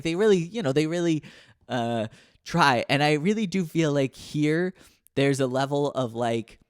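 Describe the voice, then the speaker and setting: A man's voice: medium pitch, smooth, dry recording, studio quality. A man in his thirties hosting a comedy podcast, rambling and self-deprecating, full of fillers and restarts. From United States. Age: 30s. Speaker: podcast host.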